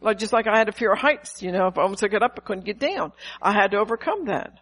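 Older woman pastor, animated sermon delivery with asides to the congregation. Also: mid-range voice, fast talker, poor audio. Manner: lively preaching with rhetorical questions and acted-out quotes.

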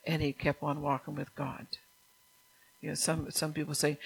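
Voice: medium pitch, level tone, normal speed, gravelly, breathy edge, poor audio. Pastor mid-sermon: emphatic, repeats key lines, keeps asking the congregation to answer back. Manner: calls out to the congregation for response.

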